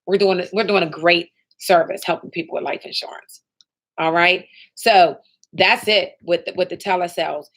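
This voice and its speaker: Upbeat low-voiced woman training sales agents. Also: steady tone, normal speed, fairly bright tone. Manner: upbeat, motivational, talks straight to trainees with frequent "okay?" and "right?". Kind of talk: live online training session.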